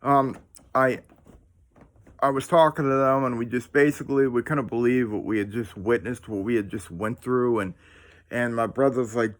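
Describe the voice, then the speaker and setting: A man of middle pitch tells a story straight to his viewers, casual and excitable. He rambles, restarts his sentences and throws in plenty of slang as he goes. He is talking at home. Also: normal speed. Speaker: paranormal storyteller, channel host. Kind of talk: casual first-person storytelling to camera. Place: indoors at home.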